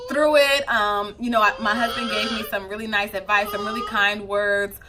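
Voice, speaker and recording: A young woman vlogging as a new mom, chatting casually to camera with a loose, animated flow and many fillers. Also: mid-range voice, moderate pace, noisy background.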